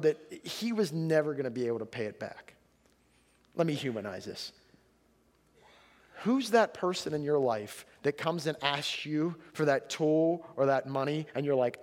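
A man's voice: a little high, a little mellow. Man preaching in a reverberant hall. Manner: conversational preaching, rising emphasis on quotes. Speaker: pastor. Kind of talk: sermon.

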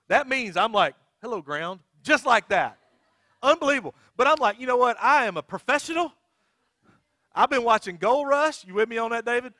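A middle-aged man, a pastor, preaching a sermon, telling a funny story with big outbursts, then dropping into quiet, earnest appeals. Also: sits high, dry recording, clean studio sound.

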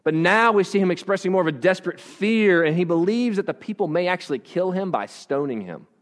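A man's voice: sits high, expressive, brisk, long reverb tail. A pastor preaching a conversational sermon to his congregation, often restarting his phrases. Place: church.

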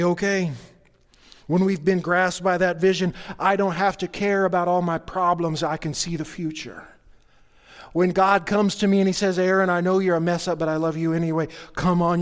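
A man preaching a sermon, joking with the congregation and building to excited energy. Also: a little high, long reverb tail. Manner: playful, jokey asides to the congregation. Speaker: pastor.

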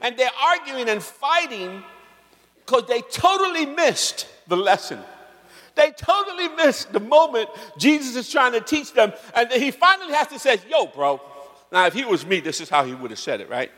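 Animated, slangy male preacher. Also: extremely high pitch, normal speed, big-room sound. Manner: animated, slangy, asks the crowd for amens. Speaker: pastor. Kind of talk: sermon.

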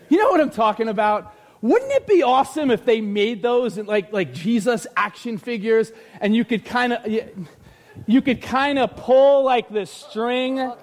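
An energetic man preaching in a church with a very high voice. He jokes, asks the congregation questions, and shouts his points for emphasis. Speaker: pastor. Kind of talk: sermon.

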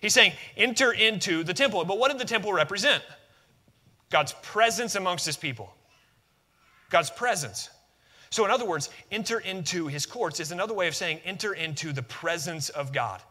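A man preaches a sermon in a bright, fairly high voice. He keeps it conversational and emphatic, asking his listeners rhetorical questions and adding touches of humor. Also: animated, moderate pace, big-room sound.

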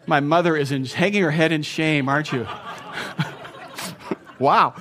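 A man's voice: on the high side, unhurried, long pauses, a bit bright. A man preaching a conversational sermon in church, chatty and self-mocking, teasing his congregation. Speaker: pastor. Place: church sanctuary.

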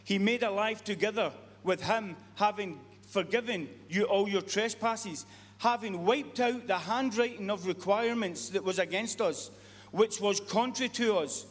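High-voiced preacher in a reverberant hall. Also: male voice, normal speed. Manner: earnest, repetitive, frequent restarts. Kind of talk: sermon.

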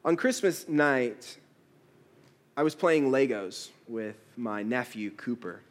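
A man's voice: medium pitch, expressive, takes it slowly. A male pastor preaching a sermon, telling stories with playful quoted asides.

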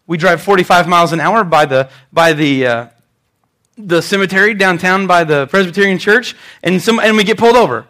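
High-voiced pastor preaching a sermon. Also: male voice. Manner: conversational, animated storytelling. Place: church.

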